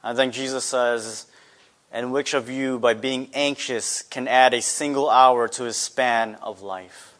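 A man's voice: medium pitch, fairly even intonation, a little slow, fairly bright tone. A man preaching a sermon earnestly, asking his listeners rhetorical questions. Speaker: pastor.

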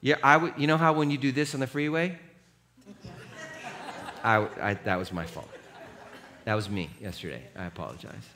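Male pastor, middle-aged, animated sermon delivery, laughs at himself, bright forceful tone. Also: on the low side, normal speed, pauses often, a faint crowd. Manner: has the congregation read along aloud.

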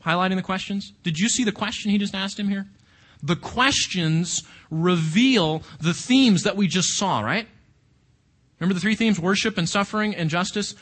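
A man teaching through a Bible book, animated and often asking his listeners questions. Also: high-pitched. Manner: animated, asks the audience questions.

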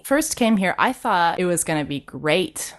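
A young adult woman, a podcast guest in casual chat, animated and quick to laugh, with Japanese phrases slipped into her talk. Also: lowish voice.

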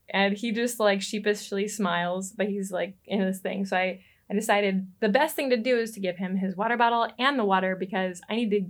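A woman, a relationship coach, telling a personal story as a podcast guest, lively and quick to laugh. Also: mid-range voice. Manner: animated, laughs often and acts out quoted lines.

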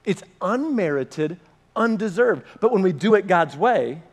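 High-voiced man telling a sermon story. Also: measured pace. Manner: animated storytelling, acting out dialogue. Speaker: pastor.

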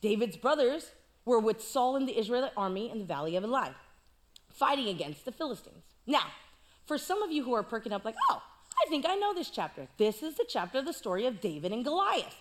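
A woman's voice: a little high, sing-song, brisk. A woman preaching a sermon, telling the story playfully with jokes and asides.

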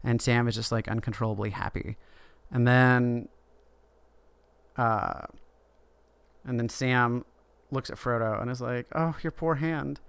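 A man co-hosting a casual book podcast, retelling the story and slipping into quick quoted voices. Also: mid-range voice, level tone, creaky, fairly bright tone, clear, resonant tone, dry recording. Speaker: podcast co-host. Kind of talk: casual book discussion chat.

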